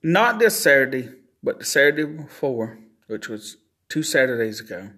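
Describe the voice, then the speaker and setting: A man talks alone into his podcast mic. He speaks slowly and deliberately, his words a little slurred. His delivery is earnest and plainspoken. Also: mid-range voice, big pitch swings, bright, forceful tone. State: slurred speech from facial palsy. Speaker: podcast host. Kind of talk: solo podcast monologue.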